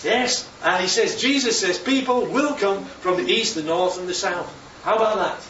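A man from northern England, his voice sitting high and a bit bright at normal speed, preaches in a church hall in a chatty, joking style, often posing questions to the congregation. Slight background noise, an echoey room, and a distant mic give a dull recording.

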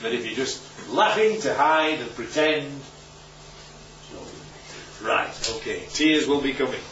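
A man's voice: mid-range voice, animated, unhurried, a bit bright, slight background noise. A male preacher giving an informal Bible talk, conversational and often checking in with his listeners. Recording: roomy, distant, dull recording.

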